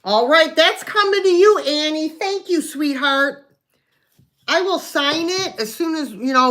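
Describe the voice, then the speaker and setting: A woman's voice: sits high, fairly bright tone. A woman hosting a live online sale, chatting in a folksy way, describing items and counting down sales. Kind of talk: live selling stream.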